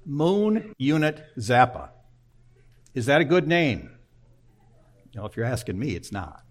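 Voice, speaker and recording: A man's voice: mid-range voice, sing-song, moderate pace, slightly rough. An older man preaching a sermon in a folksy, conversational way, often checking in with "okay.". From Michigan. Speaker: pastor.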